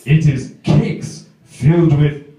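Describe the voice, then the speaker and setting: An overly formal Japanese coworker, put on by a man, offers gifts in halting, accented English. The voice sits fairly high and carries a heavy room echo. It sounds like it's picked up from some distance off the mic. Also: dark tone. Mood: formal polite. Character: polite Japanese coworker, adult man, eager to please. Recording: echoey room, mic far off.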